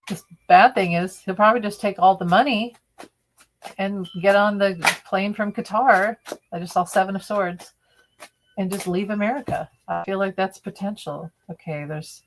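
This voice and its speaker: A woman's voice: medium pitch, a little hiss or hum. A woman doing a live-stream tarot reading, talking in a conversational, opinionated way and often restarting her sentences. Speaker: tarot reader.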